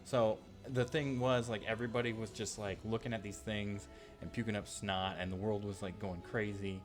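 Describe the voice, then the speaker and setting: A man's voice: on the low side, fairly even intonation, normal speed, faint music behind. A man telling a rambling story in a casual vlog, full of fillers and asides. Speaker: channel host telling a story.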